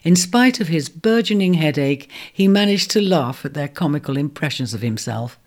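A storyteller reading a children's fantasy tale in an expressive narration. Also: medium pitch, moderate pace.

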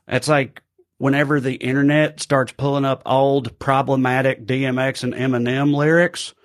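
A man's voice: medium pitch, level tone, normal speed. A man co-hosting a podcast, joking casually with hesitant fillers. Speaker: podcast co-host.

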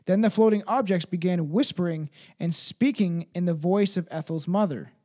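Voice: medium pitch, normal speed, dark tone. A podcast host chatting casually and reading a story aloud, swearing a lot and tripping over words.

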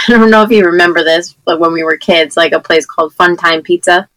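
A woman's voice: fairly low pitch, fairly quick, fairly bright tone, dry recording, poor audio. A woman in her thirties from New Jersey, co-hosting a podcast, rambling chattily and losing her voice. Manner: rambling, chatty storytelling with fillers. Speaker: podcast co-host. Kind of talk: casual chat.

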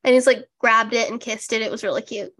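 A woman's voice: on the high side, steady tone, quick pace, a bit bright. A young woman co-hosting a podcast in casual chat, wry and sarcastic, swearing casually. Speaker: podcast co-host.

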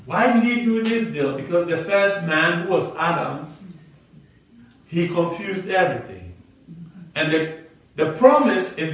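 Man, pastor, sermon, high voice, call-and-response, distant mic, echoey church hall. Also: expressive, fairly bright tone. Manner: preaching with call-and-response, drawn-out emphasis.

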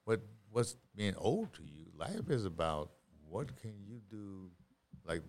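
A man's voice: fairly low pitch, sing-song, measured pace, darkish tone, slight background noise. A middle-aged man giving life advice in a casual podcast chat, repeating and restarting his words as he preaches. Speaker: podcast guest.

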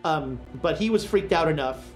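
Female game master, low register, relaxed filler-heavy narration, light music bed. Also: moderate pace. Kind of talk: narrating a tabletop horror game.

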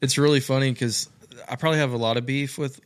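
A man, a podcast guest chatting casually and tossing in quick jokes. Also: mid-range voice, steady tone. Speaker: podcast guest, golf apparel co-founder. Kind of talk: casual chat.

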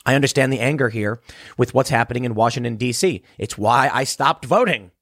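A man from Chicago hosting solo political commentary, reading the news aloud and breaking off into rapid, emphatic remarks that often repeat words. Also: mid-range voice, a bit bright, no room sound, clean studio sound. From South Side of Chicago.

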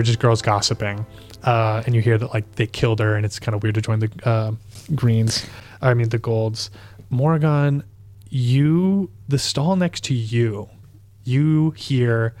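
Casual male game master, rambling narration, average pitch, background music. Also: darkish tone. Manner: casual, filler-heavy narration with many "like"s.

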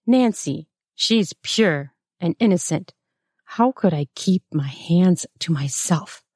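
A cornered priest gives short, clipped answers, read by a woman in her own voice. The tone is lowish and slow, recorded dry and close. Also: lively intonation, darkish tone, husky, no echo, heavily acted. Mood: grudging. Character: cornered middle-aged priest, man. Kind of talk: read-aloud erotic story.

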